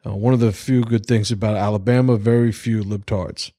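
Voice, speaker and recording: A man's voice: fairly low pitch, fairly even intonation, fairly quick, mellow, no room sound, studio quality. A man hosting a casual livestream podcast, rambling, swearing freely and restarting his sentences. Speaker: podcast host.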